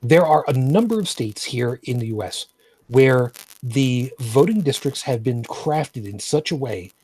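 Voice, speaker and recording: A man co-hosting a podcast in casual political chat, quick and teasing one moment, careful and explanatory the next. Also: medium pitch, animated, darkish tone, slightly rough, poor audio. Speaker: podcast co-host.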